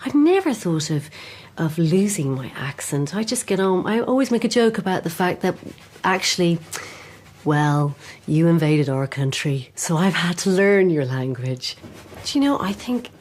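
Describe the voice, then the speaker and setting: An Irish woman, a voiceover artist, talking emotionally and quickly in a candid interview. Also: fairly low pitch, sing-song, a little mellow. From Ireland.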